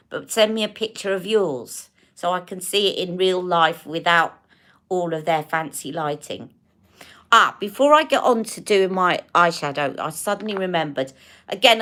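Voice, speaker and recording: A woman's voice: medium pitch, a bit bright. A woman hosting a casual beauty livestream, chatting to viewers and demonstrating products as she talks. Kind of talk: casual live-stream chat.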